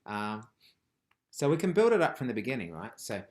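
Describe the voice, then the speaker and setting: A man teaching a live online rhythm workshop, chanting rhythmic words and dropping from loud calls to whispers. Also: mid-range voice, big pitch swings, a little fast. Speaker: music teacher. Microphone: video call.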